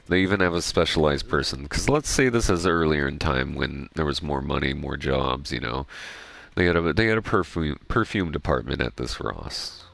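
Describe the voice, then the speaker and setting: A young man with a remarkably deep voice full of gravelly fry. He rambles through gameplay commentary, drifting into jokes and casual swearing. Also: a bit bright, dry recording. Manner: digressive, joking, profane. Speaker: gaming streamer.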